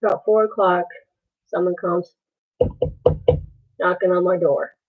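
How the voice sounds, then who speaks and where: A woman telling a painful story on a live stream, halting and pausing as she goes. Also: lowish voice, fairly even intonation. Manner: halting, with many pauses and restarts. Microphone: phone. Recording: tinny phone-like sound.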